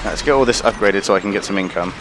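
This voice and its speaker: A man's voice: on the low side, quick pace, noisy background. A man streaming a game in casual chat, rambling and swearing casually.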